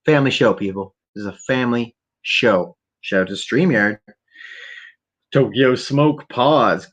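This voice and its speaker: A man's voice: mid-range voice, measured pace, a bit bright, breathy edge. Rambling, profane stoned man. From Canada. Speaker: podcast host. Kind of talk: rambling late-night solo stream. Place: home at night, keeping quiet for neighbors. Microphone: laptop.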